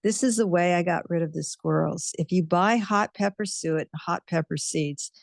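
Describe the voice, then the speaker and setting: A woman's voice: on the low side, normal speed, vocal fry, dry recording, studio quality. A woman giving a guest talk with slides, telling stories in a conversational, reflective way. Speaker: guest speaker, author.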